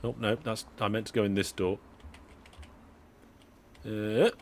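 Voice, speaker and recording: Young UK man, chatty live-stream gamer, talks to viewers mid-game, relaxed and rambling. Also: on the low side, measured pace, slight background noise. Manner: chatty, talks to viewers while playing, frequent fillers and restarts. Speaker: streamer driving a train simulator. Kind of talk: casual live-stream commentary.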